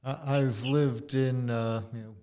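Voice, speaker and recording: A man's voice: mid-range voice, steady tone, takes it slowly, mellow. An American man with a Midwestern accent, talking casually as a podcast guest. He is dry and self-deprecating. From United States. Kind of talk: casual chat.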